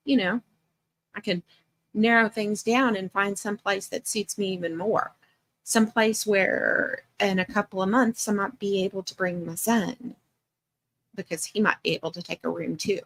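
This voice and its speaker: A middle-aged woman hosting a casual livestream chat, greeting viewers by name and laughing often as she talks. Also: mid-range voice. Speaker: livestream host.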